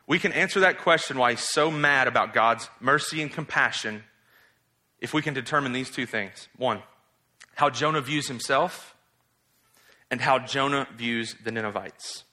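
A man preaching a sermon as pastor, reading scripture and acting out quotes with lively, mocking emphasis. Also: mid-range voice, normal speed. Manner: animated, mocks in exaggerated voices while quoting.

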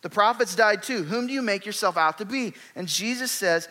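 Bright, animated male preacher. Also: high-pitched, brisk, hardly any pauses. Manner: animated, conversational retelling of scripture with emphatic rises. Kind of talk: sermon.

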